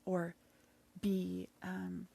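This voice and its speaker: A woman host telling a personal story in an emotional, halting way, sometimes dropping to a whisper. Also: on the low side, completely flat delivery, gravelly, mellow, husky. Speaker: podcast host sharing her story.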